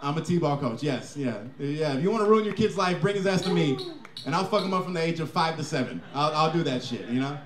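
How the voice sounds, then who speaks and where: A man's voice: fairly high pitch, expressive, fast talker, a crowd in the background. A man doing a stand-up comedy set in a comedy club, with a brash, profane and punchy delivery. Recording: echoey live club recording.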